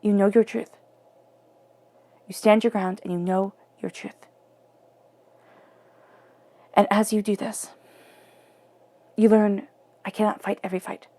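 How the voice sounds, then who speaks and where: An earnest woman gives a spoken tarot reading in a warm, gravelly voice. She keeps her delivery intimate and often sinks into a soft near-whisper. Her voice sits in an ordinary middle pitch for a woman. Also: flat delivery, takes it slowly, long pauses. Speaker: tarot reader.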